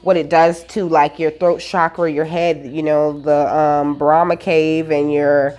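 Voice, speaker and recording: A woman's voice: deep voice, a little slow. A woman giving a casual spiritual reading, giggling often, swearing casually and asking "okay?" after most points. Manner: giggly, animated, peppered with "okay?"; reads lyrics aloud and swears casually. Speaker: tarot reader.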